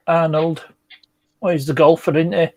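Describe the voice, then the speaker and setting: A middle-aged man chatting as a guest in a casual online hangout, with a voice a touch higher than most men's. He jokes dryly and pokes fun at himself. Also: flat delivery, slow. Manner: dry, self-mocking humor. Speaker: chat guest. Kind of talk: casual chat.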